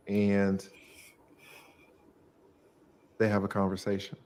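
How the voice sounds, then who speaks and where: A middle-aged man, a former lawyer, casually telling a profane, animated story from his law practice. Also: on the low side, unhurried, long pauses.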